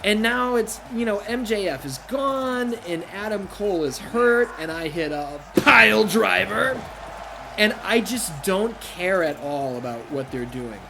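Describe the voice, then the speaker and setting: A man commentating his own video game playthrough, excitable and profane, shouting at big moves, with game music behind. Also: sits high, measured pace, creaky, noisy background. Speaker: gaming youtuber. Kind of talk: let's-play commentary.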